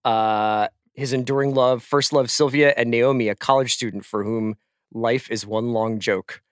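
A man's voice: mid-range voice, fairly even intonation, unhurried, clear, resonant tone, no room sound, studio quality. A middle-aged man hosting a podcast, chatting casually, teasing his co-host and laughing often. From Philadelphia. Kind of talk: casual chat.

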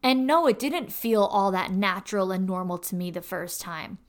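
A woman's voice: mid-range voice, expressive, normal speed. A young woman hosting her own podcast, telling a personal story in a chatty, casual way, often filling in with "like" and "honestly.". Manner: chatty, peppers speech with "like" and "honestly". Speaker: podcast host.

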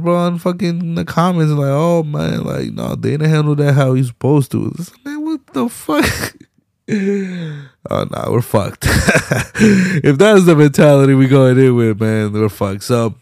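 Gravelly-voiced young man ranting casually. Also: medium pitch, no echo, clean studio sound. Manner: profane, animated street slang, frequent laughs. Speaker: podcast host. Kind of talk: casual solo commentary.

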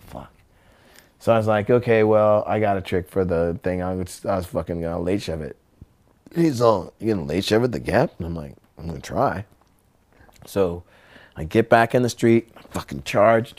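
A man's voice: fairly low pitch, a little mellow. A man telling skateboarding stories in casual chat, acting out his friends' lines and swearing freely. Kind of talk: casual storytelling.

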